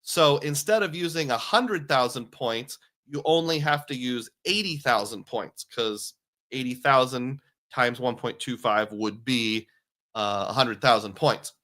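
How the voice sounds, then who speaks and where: A man's voice: mid-range voice, unhurried, sharp tone. A man hosting a casual livestream, talking in a chatty, jokey, self-deprecating way and reading out viewer comments. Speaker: host.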